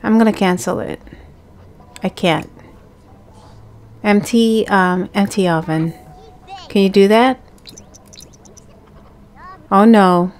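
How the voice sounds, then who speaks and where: A woman giving casual gameplay commentary, chatting to the characters on screen and bursting into excited exclamations. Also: medium pitch, takes it slowly, long pauses. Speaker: gaming channel host.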